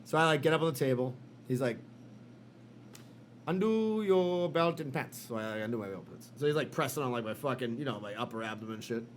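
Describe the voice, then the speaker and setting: A man co-hosting a podcast, telling a story in casual, animated chat full of swearing and fillers. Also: medium pitch, rapid-fire, slight background noise. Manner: animated, profane, lots of fillers. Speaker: podcast co-host.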